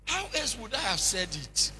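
A man preaching a sermon in an animated, humorous way, full of rhetorical questions and anecdotes. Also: extremely high pitch. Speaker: bishop, preacher.

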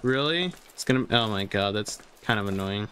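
A man's voice: on the low side, lively intonation, moderate pace, a bit bright, a little hiss or hum. A young man commentating his own gameplay, talking to himself, repeating phrases and reacting jumpily. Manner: talks to himself, repeats phrases, jumpy and exclaiming. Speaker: gaming video host.

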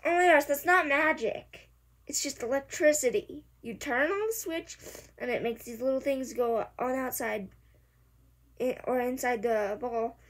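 A young woman giving casual, sarcastic commentary on a clip, hyper and excitable, slipping into mocking impressions. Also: high voice, a little slow. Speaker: reaction video creator.

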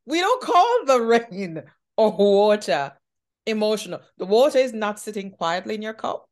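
A woman hosting an interview, talking in a slow, thoughtful way with drawn-out phrasing. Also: medium pitch, sing-song. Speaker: podcast host. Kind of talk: reflective conversational interview.

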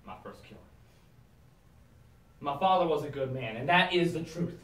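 Young man, dark dramatic monologue, hushed menace to loud shouts, competition performance, echoey room, distant mic. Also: a little high, animated, normal speed.

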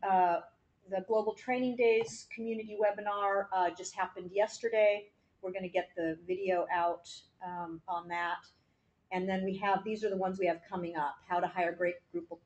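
A woman's voice: medium pitch, low-quality recording. Woman giving a rambling staff update. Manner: rambling with many fillers, laughs easily. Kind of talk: board meeting report.

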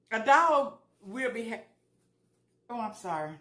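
A woman's voice: medium pitch, expressive, measured pace, reverberant. A woman vlogger talking casually while she eats, chatty and repeating herself for emphasis. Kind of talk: casual mukbang chat.

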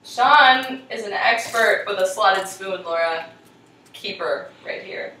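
A woman's voice: mid-range voice, pushed and bright, roomy sound, low-quality recording. A young American woman joking sarcastically with friends while cooking in a home kitchen. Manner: sarcastic, playful, quick to joke. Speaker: home cook among friends.

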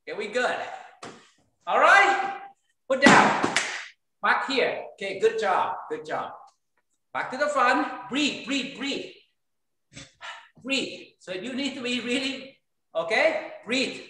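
A man's voice: extremely high pitch, lively intonation, slow, long pauses, pushed and bright. Echoey far-off man barking drill commands. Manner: short drill commands, counts reps aloud. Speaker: martial arts instructor. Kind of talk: online kids' kung fu class instruction. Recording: very echoey room, voice far from mic.

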